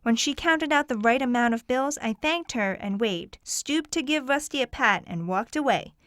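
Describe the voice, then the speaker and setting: Woman audiobook narrator, higher pitch, expressive first-person read, dry studio sound. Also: moderate pace, no room sound.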